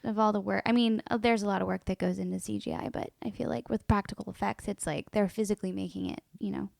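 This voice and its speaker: A woman co-hosting a casual home podcast with her partner, pregnant, relaxed and giggly, agreeing easily and telling stories about high school. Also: fast, vocal fry, no room sound, clean studio sound. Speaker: podcast co-host. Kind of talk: casual chat.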